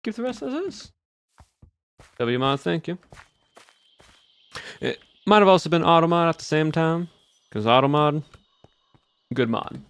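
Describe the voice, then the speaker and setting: A man's voice: a little high, lively intonation, unhurried, long pauses, a bit bright, clear, resonant tone. Man in a put-on Southern drawl. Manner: easygoing, chatty, thanks viewers as he plays. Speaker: game streamer. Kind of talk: casual live-stream chat while playing.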